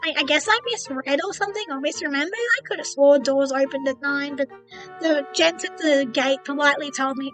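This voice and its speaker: High, bright-voiced woman streamer. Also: steady tone, quick pace, soft background music, low-quality recording. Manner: rambling, replays her own thoughts as quoted asides. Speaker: VTuber streamer. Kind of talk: casual storytelling stream.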